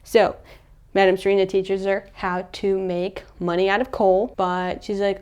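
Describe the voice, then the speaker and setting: A young woman talks through a movie's plot in a loose, chatty way. She slips into the characters' voices as she goes. Her voice is smooth and resonant, sitting at an ordinary middle pitch. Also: moderate pace. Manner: chatty, animated, acts out characters' lines. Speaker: movie reviewer. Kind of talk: casual movie recap.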